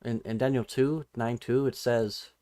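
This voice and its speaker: A man hosting a live-streamed Bible study, thinking out loud, correcting himself mid-sentence and reading scripture aloud while he looks up verses. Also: medium pitch, steady tone. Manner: halting and self-correcting, restarts numbers while looking up verses; reads scripture and viewer chat aloud.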